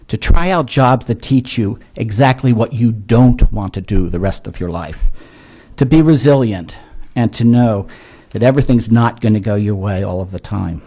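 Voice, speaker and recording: A man in his sixties, a disability education expert, testifying to legislators in a measured, earnest way with frequent filler words. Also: mid-range voice, dark tone. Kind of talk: formal testimony. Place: legislative hearing room.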